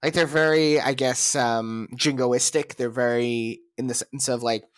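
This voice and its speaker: A man's voice: mid-range voice, fairly even intonation, a little slow, smooth, no echo. Opinionated male podcast host, dry sound. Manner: opinionated, argumentative. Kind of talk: casual chat.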